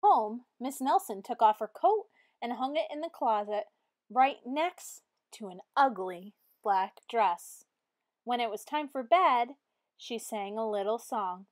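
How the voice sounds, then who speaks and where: A woman teacher reading a picture book aloud to children in an expressive, animated way. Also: a little high, slow. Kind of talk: read-aloud storytelling.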